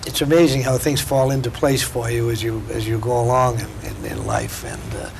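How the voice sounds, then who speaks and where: An older man, a longtime friend of the guest, chatting in a halting way with repeated words. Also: medium pitch, expressive, creaky, noisy background. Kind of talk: casual chat. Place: local TV studio.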